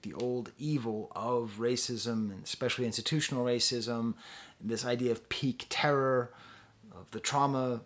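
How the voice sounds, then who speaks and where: A man giving a casual spoken album review, musing and hesitant, often laughing between thoughts. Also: medium pitch. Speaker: music reviewer.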